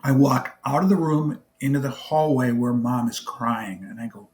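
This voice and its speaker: A man's voice: mid-range voice, steady tone, moderate pace, hardly any pauses, a little mellow. A middle-aged man, a charity founder, telling an emotional story in an interview and acting out both sides of a phone call.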